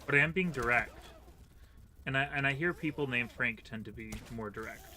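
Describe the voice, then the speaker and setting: A man's voice: mid-range voice, moderate pace, bright, forceful tone, slight background noise. A man hosting a casual co-op game stream, rambling with lots of fillers and chuckles. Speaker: gaming channel host. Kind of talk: casual co-op gameplay chat.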